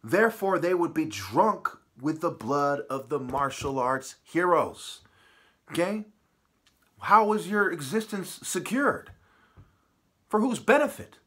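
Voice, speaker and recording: A man in a profane, preachy ranting monologue, swinging from muttering to shouting. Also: on the high side, sing-song, slow pace. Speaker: vlogger.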